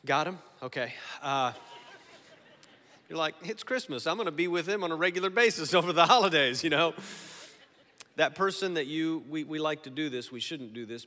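Pastor, man, bright forceful voice, preaching in a reverberant church hall, shifts from hushed to loud. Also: medium pitch. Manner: swings from soft and slow to loud and emphatic. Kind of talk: sermon. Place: church sanctuary.

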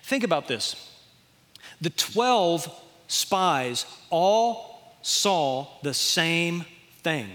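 A pastor preaching in a folksy, animated way, acting out quotes. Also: male voice, on the high side, drawn-out words, pauses often, long reverb tail. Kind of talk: sermon.

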